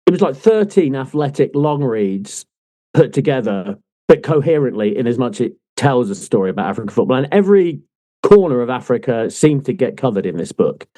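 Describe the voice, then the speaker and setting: A man's voice: mid-range voice, sing-song, a little fast, warm tone. A man hosting a casual book podcast, teasing his co-host with jokey banter. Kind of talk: casual chat.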